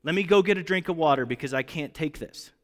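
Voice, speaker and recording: A man's voice: a little high, fast, big-room sound, natural voice. A man doing an overwhelmed, exasperated seer. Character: overwhelmed man reeling from a vision.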